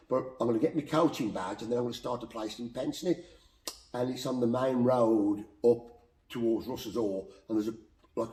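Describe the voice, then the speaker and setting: A boxing coach with a Black Country accent, telling heartfelt stories in an animated, repetitive way as a podcast guest. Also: male voice, medium pitch. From Black Country, England. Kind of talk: emotional storytelling in conversation. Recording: roomy echo.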